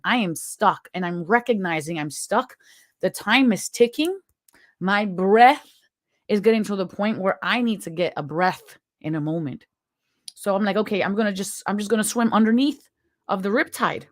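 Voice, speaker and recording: A woman earnestly telling a personal story of nearly drowning, halting at times as emotion rises. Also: mid-range voice, no room sound, clean studio sound. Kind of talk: personal story told to viewers.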